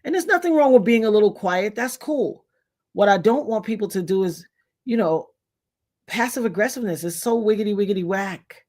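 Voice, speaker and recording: A woman hosting a casual livestream, telling blunt, emphatic stories in slangy talk, her voice swinging widely in pitch and loudness as she laughs her way through. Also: lively intonation, brisk. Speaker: livestream host reading viewer comments.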